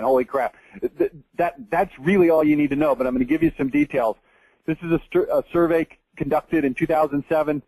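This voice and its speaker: A man's voice: a little high, a little mellow, dry recording, poor audio. A man in his forties from Texas, giving a blunt, emphatic marketing tutorial over a screen share, with mocking asides. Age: 40s. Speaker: marketing presenter.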